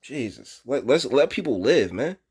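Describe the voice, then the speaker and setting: Male YouTube commentator, casual and profane, mocking and laughing through a reaction, mid-pitched voice. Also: very animated, moderate pace, darkish tone, slightly rough.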